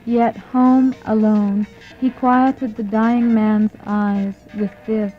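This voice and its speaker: A woman reading a scripted story slowly and deliberately. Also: a little high, little pitch movement. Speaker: narrator. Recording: muffled lo-fi with faint music.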